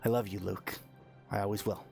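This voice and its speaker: A man's voice: on the low side, flat delivery, brisk, creaky, darkish tone, faint music behind. A man voicing a devoted, centuries-old woman bride who speaks tender, earnest vows in a tabletop role-play.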